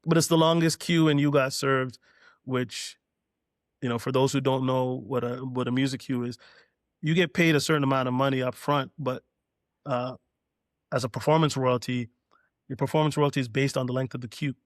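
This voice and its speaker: A middle-aged man from Canada tells a relaxed story as a podcast guest and slips into quoted dialogue along the way. His pitch stays level and sits in a middle register. The sound is close and dry, with no room around it. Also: normal speed, dry recording. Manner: relaxed anecdote-telling, acting out quoted dialogue. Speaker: guest, DJ and producer. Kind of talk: casual storytelling in a podcast interview.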